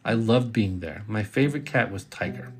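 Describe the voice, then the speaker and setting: A man's voice: lowish voice, expressive, moderate pace. A middle-aged man from Brooklyn, a podcast host, telling a personal story in a casual, wry way and sometimes swearing. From Brooklyn, New York. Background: guitar music.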